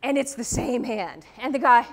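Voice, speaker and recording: A woman's voice: fairly high pitch, lively intonation, normal speed. A woman professor giving a classroom lecture to students, firm and direct, checking in with "okay?" often. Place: lecture room. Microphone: microphone, tethered.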